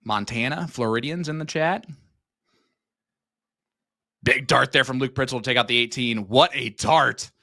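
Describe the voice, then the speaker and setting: A man commentating a live darts match, calling the play and reading viewer shout-outs in a friendly way. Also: medium pitch, normal speed, long pauses, dry recording, studio quality.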